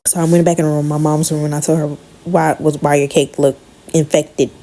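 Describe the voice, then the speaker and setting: A woman telling a personal story in a blunt, profane, animated way. Her voice is low, gravelly and husky, with a dark, mellow tone. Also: brisk, a little hiss or hum. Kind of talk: casual storytime monologue.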